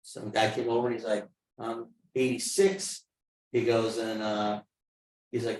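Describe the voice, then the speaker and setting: At a public meeting in a roomy hall with faint background noise, this man from the village board discusses an issue and tells anecdotes in a chatty way. He speaks unhurriedly in a lowish, darkish, flat voice.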